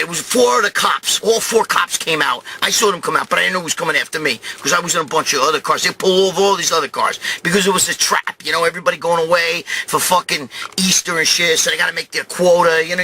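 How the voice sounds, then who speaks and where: A man in his sixties telling a profane comic story about a traffic stop, acting out the other people with animated voices. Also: on the high side. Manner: animated, swearing, acts out quoted voices. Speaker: host. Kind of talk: profane comedic storytelling rant.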